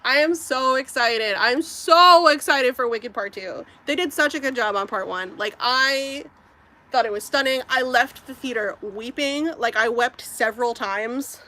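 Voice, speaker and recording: A young woman with a slightly high voice chats away while she works on a craft, gushing about what she loves. She rambles, circles back and fills gaps with "um" and "like", relaxed and unscripted. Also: a little slow. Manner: gushing, chatty, rambling with many fillers. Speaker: crochet vlogger. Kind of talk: casual chat while crafting.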